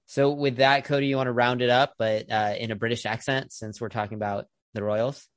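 A man's voice: medium pitch, steady tone, fairly quick, no echo, clean studio sound. A man hosting a film podcast, chatting casually with plenty of fillers. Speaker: podcast host. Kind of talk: casual film review chat.

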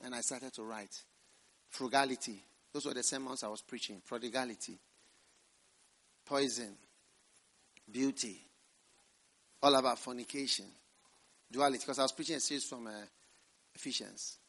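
A man preaching a revival sermon in church, swinging from loud, drawn-out scripture quotes to quiet, hushed asides. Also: medium pitch, steady tone. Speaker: pastor.

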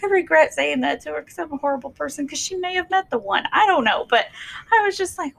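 A woman's voice: sits high, expressive, fast, creaky, low-quality recording. A woman co-hosting a podcast in casual chat, chatty and sarcastic, rambling through a story. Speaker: podcast co-host.

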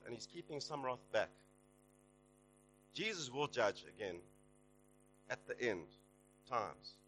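A man preaching a sermon, exhorting his listeners and rising loud and high on the promises. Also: low-quality recording.

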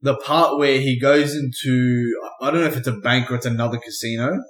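A man's voice: mid-range voice, fairly even intonation, a little fast, a bit bright. A man in casual film chat, retelling scenes in a rambling way with restarts and swearing. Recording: roomy echo.

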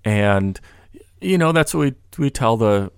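Low-voiced rambling man on a podcast. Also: animated, unhurried, vocal fry, clean tone, no room sound, clean studio sound. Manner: rambling, many restarts and "you know" fillers. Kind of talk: casual podcast conversation.

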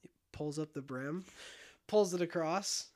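A man casually retelling a film scene by scene, animated and jokey. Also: fairly high pitch. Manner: animated retelling, quick shifts into character voices and quotes. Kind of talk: casual movie recap chat.

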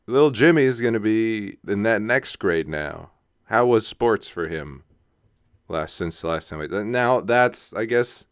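Casual self-mocking man with a smooth, dry voice. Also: lowish voice, no echo. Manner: casual, self-mocking, laughs often, says "right?" a lot. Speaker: podcast host. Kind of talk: rambling solo podcast monologue.

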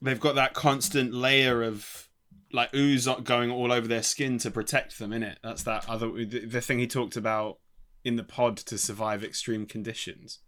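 A man's voice: mid-range voice, little pitch movement, moderate pace, fairly bright tone. A man co-hosting a casual film podcast, rambling and swearing easily. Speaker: podcast co-host.

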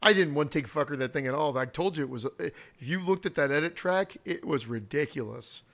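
Higher-pitched man, rambling with laughs. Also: expressive, brisk, a bit bright. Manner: rambling, laughing often, crude jokes. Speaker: podcast co-host. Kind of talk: casual chat.

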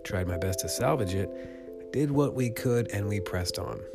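A man hosting a casual podcast, joking and talking fast with some swearing, on rough amateur audio. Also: fairly low pitch, expressive, reverberant, loud music behind the voice. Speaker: podcast host.

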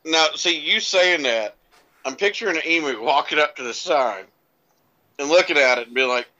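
A man's voice: a little high, lively intonation, moderate pace, sharp tone, dull audio. A man co-hosting a casual comedy podcast, joking playfully with a lot of swearing and spinning silly what-if scenarios. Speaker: podcast co-host.

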